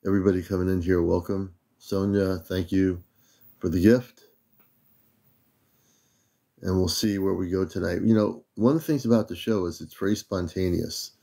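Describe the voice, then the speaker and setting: Deep-voiced older man greeting viewers. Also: moderate pace, vocal fry, pauses often. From United States. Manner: relaxed, greets viewers by name. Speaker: livestream host. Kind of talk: casual livestream greetings.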